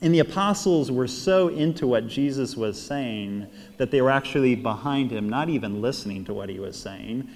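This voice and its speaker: A man with an American accent, a priest giving a homily, an animated storyteller who acts out quotes and laughs often. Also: mid-range voice, normal speed, few pauses, long reverb tail. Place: church.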